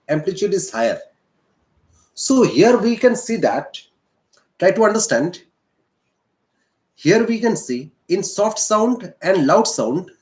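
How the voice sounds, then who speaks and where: A male teacher with an Indian English accent, slowly explaining a physics lesson and repeating key points. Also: high voice, a little mellow. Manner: slow, repetitive explaining. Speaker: science teacher.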